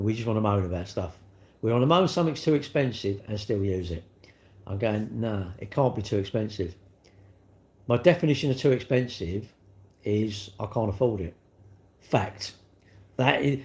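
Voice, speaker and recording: A middle-aged man chats on a live stream, rambling from point to point. He rants with rhetorical questions, and his middle-pitched voice swings up and down a great deal. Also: darkish tone. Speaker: livestream host. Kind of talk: casual live-stream chat reading comments.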